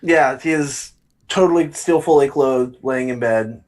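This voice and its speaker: A man's voice: medium pitch, measured pace, a little mellow. Man playing a tabletop game. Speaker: player. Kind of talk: casual tabletop game chat.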